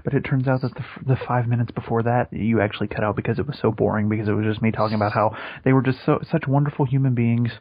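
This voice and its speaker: A young man co-hosting a casual podcast, making dry deadpan jokes. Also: medium pitch, very fast, hardly any pauses, slightly rough, dry recording. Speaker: podcast co-host. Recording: dull lo-fi podcast recording.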